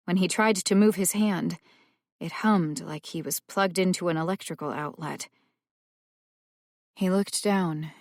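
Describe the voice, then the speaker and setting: A woman narrating a suspense audiobook in a slow, measured way, drawing out the tension. Her voice sits somewhat low. The recording is close and dry, with no room sound. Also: a little mellow, dry recording. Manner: measured, tense storytelling. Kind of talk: scripted narration.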